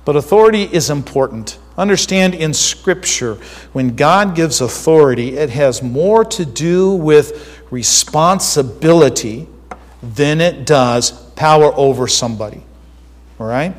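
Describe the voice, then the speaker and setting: A man's voice: a little high, lively intonation, measured pace, in a large hall. A man preaching a sermon as pastor, earnest and conversational, often checking in with his listeners.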